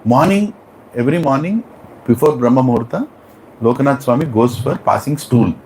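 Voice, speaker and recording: A man with an Indian English accent leads a spiritual class, storytelling with lively energy and stopping often to check that his listeners follow. His voice sits at a middle pitch for a man. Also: normal speed, slight background noise, poor audio. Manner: animated, acts out characters, asks the class questions. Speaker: spiritual teacher.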